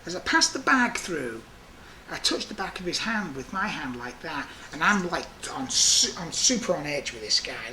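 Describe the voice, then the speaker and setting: A middle-aged man, a prison guard, telling stories in a documentary interview, animated and full of fillers. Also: a little high, moderate pace, a little hiss or hum. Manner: animated storyteller, fillers like 'like'.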